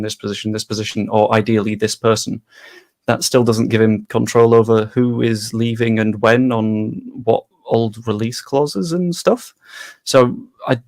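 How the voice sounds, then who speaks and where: A man, co-hosting a casual football podcast in a rambling, chatty way that often doubles back on itself. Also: fairly low pitch. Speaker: podcast co-host.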